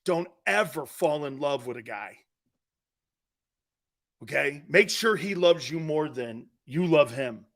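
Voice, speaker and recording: Animated middle-aged man telling a story. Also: fairly high pitch, slow, long pauses. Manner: excitable, laughs loudly, acts out quotes. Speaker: sports talk show host. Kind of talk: animated storytelling on a sports talk show.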